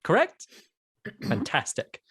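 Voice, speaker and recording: Slow, hesitant male game master. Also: fairly bright tone. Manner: hesitant, many ums. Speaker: dungeon master. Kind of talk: narrating a tabletop game.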